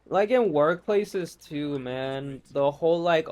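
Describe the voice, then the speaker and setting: A man with a fairly high voice rants over gameplay in loose, profane, exasperated bursts. He rambles from one gripe to the next in a casual, unscripted way, like a host talking to his channel. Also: slow, darkish tone.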